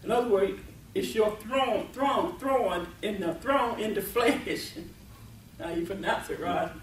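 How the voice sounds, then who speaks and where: A woman's voice: medium pitch, animated, a little slow, slight background noise. A woman preaching a sermon at a deliverance meeting, emphatic, laughing often and repeating and restarting her words. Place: meeting venue. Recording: echoey room, voice from far off.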